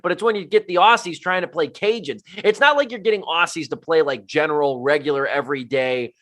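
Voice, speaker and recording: Bright-voiced rambling film critic man. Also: on the high side, a little fast. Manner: animated, rambling with many fillers and restarts. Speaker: podcast co-host, film critic. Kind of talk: casual movie review chat.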